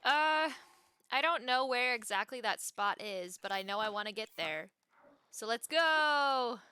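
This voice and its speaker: A woman in her twenties from Wisconsin with a light Midwestern accent, chatting excitedly with her viewers and laughing often while she streams a game on a desk mic. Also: medium pitch, normal speed, clean tone. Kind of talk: casual live-stream chat while playing.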